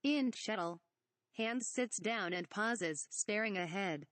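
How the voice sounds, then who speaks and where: A woman reading a fan parody script aloud, running briskly through the stage directions and dialogue in an amused way. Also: medium pitch, a bit bright, dry recording.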